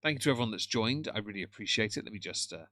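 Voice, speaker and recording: Sarcastic man, bright dry voice. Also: lowish voice, expressive, rapid-fire, dry recording. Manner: sarcastic, chatty asides to pets and viewers. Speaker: live streamer reacting to a video. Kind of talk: casual live-stream commentary. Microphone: headphones with a cable.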